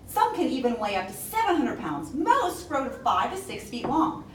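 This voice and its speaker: Lively woman presenting to kids. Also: high-pitched, normal speed. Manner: animated, gasps with exaggerated delight. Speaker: children's librarian. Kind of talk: children's storytime presentation. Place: library program room. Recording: roomy echo, distant mic, faint hiss.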